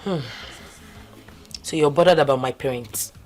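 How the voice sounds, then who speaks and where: A woman's voice: deep voice, moderate pace, a little mellow, lightly acted. An actress playing a playful, confident young woman who coaxes and teases. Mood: coaxing. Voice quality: coaxing, teasing. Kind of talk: film comedy acting. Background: film score music.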